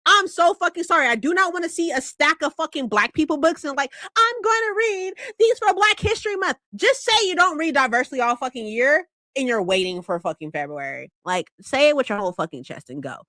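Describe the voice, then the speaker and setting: A woman's voice: high voice, brisk, hardly any pauses, dry recording. A woman book vlogger ranting in a heated, profane, casual way about reader comments. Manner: heated, profane, animated rant.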